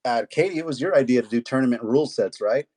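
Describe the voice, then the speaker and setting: A man's voice: medium pitch, quick pace, a little mellow. A man hosting a podcast as a jiu jitsu coach, talking in an easygoing casual way.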